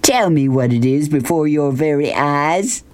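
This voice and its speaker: A man voicing a boastful, rough-talking grown man who hollers and brags in an audiobook. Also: a little high, expressive, slow, pitched above the performer's own voice. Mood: bragging. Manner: loud hollering bragging. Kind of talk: audiobook character voice.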